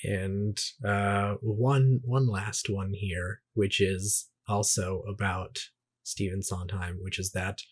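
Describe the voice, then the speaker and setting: A man's voice: on the low side, fairly even intonation, slow pace, slight background noise. A man co-hosting a casual movie review podcast, reading out trivia in a hesitant way and restarting his phrases. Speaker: podcast co-host.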